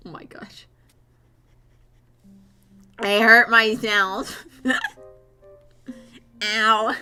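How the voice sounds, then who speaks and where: A woman's voice: on the high side, fairly even intonation, extremely slow, sharp tone, clean tone, faint music behind. A young woman streamer chatting casually and rambling while she draws, with a dry, sore throat. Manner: chatty, rambling, swears freely. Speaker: streamer and artist.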